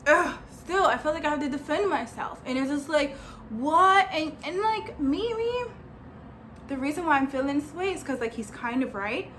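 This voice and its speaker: Bright ranting vlogger woman. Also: high voice, a little fast, few pauses, a little hiss or hum. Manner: rambling, heated, many "like" fillers and restarts. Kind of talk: ranting vlog monologue. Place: small studio apartment.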